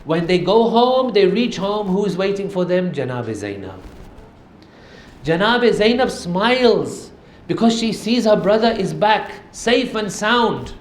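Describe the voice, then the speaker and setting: A man's voice: high-pitched, animated, measured pace, a little hiss or hum. A man preaching an emotional mourning sermon, telling the story with dramatic, grieving intensity. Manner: dramatic storytelling, voice swelling with grief. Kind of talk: emotional majlis sermon narration. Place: mosque hall. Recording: echoey hall with faint ambience.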